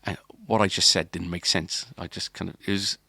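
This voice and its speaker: A man's voice: low voice, little pitch movement, brisk, creaky, sharp tone, no room sound, clean studio sound. A man, a podcast co-host, telling a long story in casual chat, rambling with restarts and filler words.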